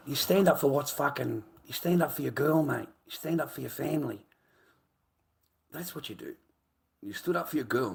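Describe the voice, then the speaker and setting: An Australian man ranting to camera, profane and heated, with loud outbursts. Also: mid-range voice, gravelly. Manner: heated, swearing, loud bursts with laughs. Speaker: vlogger.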